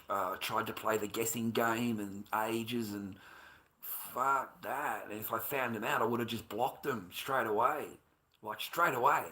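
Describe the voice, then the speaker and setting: A man's voice: mid-range voice, pushed and bright. A middle-aged man livestreaming, rambling in casual chat with heavy swearing and an agitated, repetitive way of talking.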